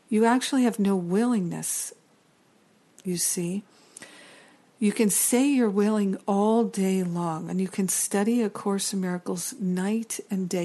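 A middle-aged woman, a teacher and counselor, gives an earnest, reflective spiritual talk, building long lists as she goes. Her voice is medium-pitched with a dark tone.

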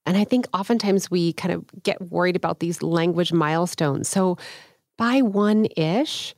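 A woman's voice: fairly low pitch, unhurried, darkish tone, dry recording, clean studio sound. A woman hosting a parenting chat, asking questions and summing up what her guests say. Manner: asks questions, sums up guests' points. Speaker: podcast host. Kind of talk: casual chat.

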